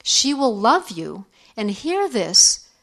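A woman's voice: on the high side, very animated, slow, fairly bright tone. A middle-aged woman giving a candid, reflective talk on faith and forgiveness to other women, sharing stories. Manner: candid, conversational, acts out quoted voices.

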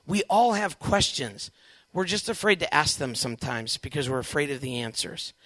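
A man giving a lively testimony talk to young Catholics, acting out quoted dialogue with big swings in pitch and volume. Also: normal speed, no room sound. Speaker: Catholic speaker addressing young people.

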